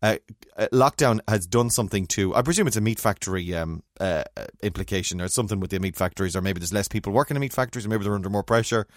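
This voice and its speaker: A man, co-hosting a casual chat and telling rambling, animated stories full of restarts. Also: lowish voice, fast, hardly any pauses, no echo, studio quality. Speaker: podcast co-host.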